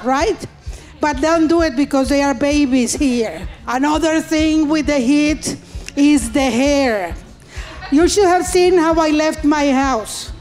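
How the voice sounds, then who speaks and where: Woman doing stand-up, high voice, bits of music behind, acts out the voices. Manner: animated storytelling, acted-out voices. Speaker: stand-up comedian. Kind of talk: stand-up comedy routine. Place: comedy stage.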